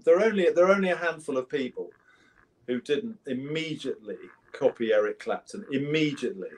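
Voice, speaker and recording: A man's voice: mid-range voice, animated, a little fast, a little mellow. A man in his seventies with an English accent, a guest musician chatting casually in an interview and telling rambling anecdotes full of restarts. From England. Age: 70s.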